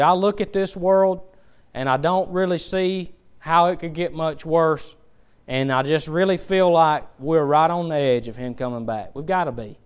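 A young man preaching a sermon, moving from quiet storytelling to rising, fervent appeals. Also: on the high side, clear, resonant tone.

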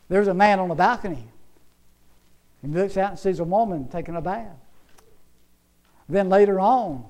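A man preaches in a high, ringing voice. He swings from loud, emphatic bursts to soft, murmured asides, and his delivery keeps rising and falling. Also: low-quality recording. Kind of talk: sermon.

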